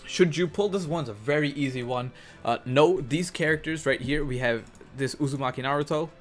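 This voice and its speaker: A young man casually telling a work story for his gaming channel, animated and cursing, acting out the other people in shifting voices. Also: on the high side, normal speed. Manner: animated, swears, acts out quotes in shifting voices. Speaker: gaming youtuber. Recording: faint music underneath.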